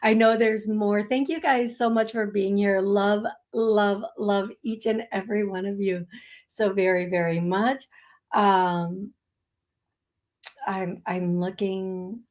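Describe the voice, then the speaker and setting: A woman hosting a live psychic reading stream, talking slowly and affectionately to viewers, with many fillers while she reads comments. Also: medium pitch, steady tone, a little mellow. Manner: slow, soothing, affectionate. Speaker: psychic medium host.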